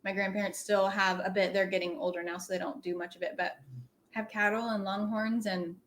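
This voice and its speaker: A woman's voice: medium pitch, level tone, a little hiss or hum. A woman from Texas, a guest in a casual interview chat over a video call, talking in a friendly, upbeat way. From Texas, USA. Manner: friendly, upbeat, quick to agree.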